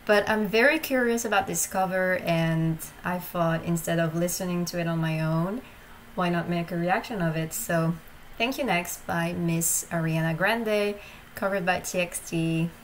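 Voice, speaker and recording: A woman's voice: lowish voice, moderate pace, a little hiss or hum, low-quality recording. A woman hosting a reaction video, talking casually with hesitant ums and gushing, emotional remarks.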